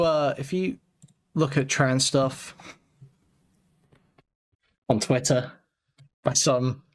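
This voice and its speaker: A man narrating a commentary video in a measured, hesitant way, pausing with fillers. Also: mid-range voice.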